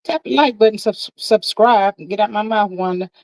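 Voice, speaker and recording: A woman's voice: medium pitch, normal speed, a little mellow, no echo, poor audio. A woman hosting a casual livestream, chatty and slangy, greeting viewers by name and reading their comments aloud. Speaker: livestream host.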